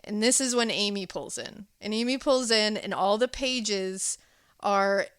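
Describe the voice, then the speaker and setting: A woman podcast co-host recapping a horror film in casual chat, telling it in an animated, chatty way. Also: medium pitch, a little slow, clean tone, dry recording, studio quality. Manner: animated, chatty retelling with laughs and acted-out quotes.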